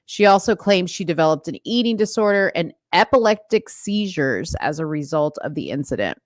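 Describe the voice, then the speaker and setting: A woman's voice: on the low side, lively intonation, normal speed, no room sound. A woman hosting a livestream, reading news stories aloud and chatting to her viewers with lots of fillers. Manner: chatty, many fillers, talks straight to viewers. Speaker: livestream host. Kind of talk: reading news aloud and commenting to live chat.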